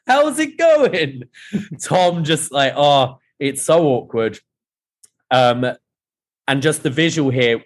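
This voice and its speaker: A man hosting a podcast, retelling a TV episode scene by scene and quoting the characters' lines in a lively way. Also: medium pitch. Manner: animated retelling with quoted lines. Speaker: podcast host recapping a TV episode. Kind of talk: casual recap, reading out scene dialogue.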